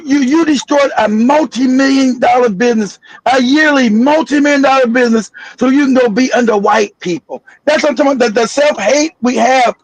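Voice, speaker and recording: A man's voice: very high voice, no room sound, poor audio. A man hosting a casual livestream, talking bluntly and emphatically, often repeating himself. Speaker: livestream host.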